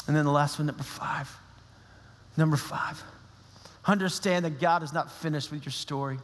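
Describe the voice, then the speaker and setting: A man's voice: fairly high pitch, moderate pace. Impassioned male pastor preaching in a hall. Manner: impassioned, rising to emphatic declarations. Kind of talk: sermon. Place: church.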